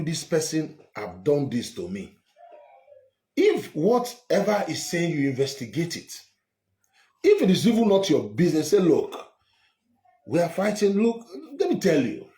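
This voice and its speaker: A man delivering a fiery political rant, his pitch leaping up and down as he scolds and mocks. His voice sits a little high for a man, and the room around him echoes noticeably. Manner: animated, scolding, mocking, repeats himself. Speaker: online political commentator. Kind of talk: heated political monologue.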